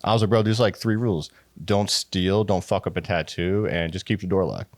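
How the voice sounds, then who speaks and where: A man's voice: sits low, no echo, clean studio sound. An American man, a tattoo shop owner, telling stories in casual podcast chat and acting out quotes. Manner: fast, animated storytelling, acting out quotes. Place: podcast studio.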